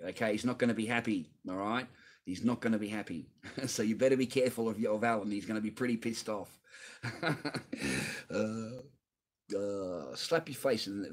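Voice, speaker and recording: Husky, low-voiced man in his fifties. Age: 50s. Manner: profane, blunt and heated. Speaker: livestream host answering donations. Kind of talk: rambling livestream rant.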